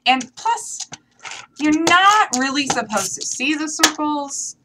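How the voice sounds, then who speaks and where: A woman's voice: high-pitched, expressive, slow, noisy background. A woman chatting to viewers as she demonstrates a craft project in a casual live tutorial. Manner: chatty, talks to viewers while working.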